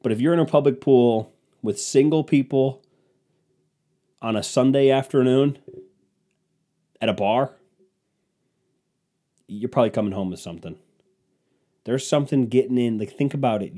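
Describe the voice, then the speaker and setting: A man's voice: medium pitch, dark tone. A young man hosting a podcast, riffing in a rambling, self-mocking, crude comedic monologue. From Cleveland, Ohio. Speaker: podcast host.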